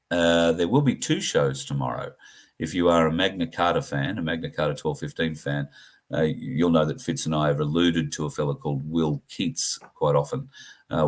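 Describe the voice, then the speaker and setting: A middle-aged Australian man with a very deep, rough-edged voice speaks straight to his viewers on a livestream. He talks earnestly and plainly, stopping and starting with ums and uhs as he goes. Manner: earnest, plain-spoken, halting with many fillers. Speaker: livestream host. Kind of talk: casual livestream talk to viewers.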